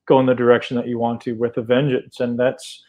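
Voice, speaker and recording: An upbeat man hosts a podcast in relaxed conversation. His voice sits at an ordinary middle pitch, and he keeps checking in with his co-host as he talks. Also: a little fast, rough recording. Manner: enthusiastic, repeats "right?" often.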